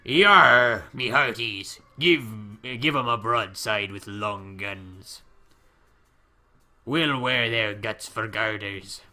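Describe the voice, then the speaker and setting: A man voicing a schoolgirl who swaggers around, playing a gruff pirate captain with a shouted growl. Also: lowish voice, slow, exaggerated voice. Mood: blustering. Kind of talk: comedic let's play voice acting.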